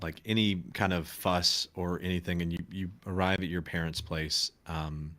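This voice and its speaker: A man narrating as game master of a tabletop game, relaxed and hesitant, with many fillers. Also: low voice, moderate pace.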